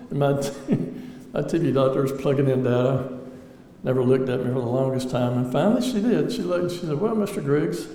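Speaking at a normal speed in a warm, medium-pitched voice, a man gives an earnest testimony to an audience, reflective with a wry sense of humor. He is a lay speaker in a large hall, recorded with echo, faint ambience, and a little hiss or hum.

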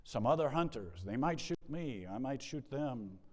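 A man preaching a sermon as pastor, telling stories and moving between hushed lines and emphatic rises. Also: medium pitch, expressive, normal speed, in a large hall. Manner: storytelling, swings between soft hush and emphatic rises.

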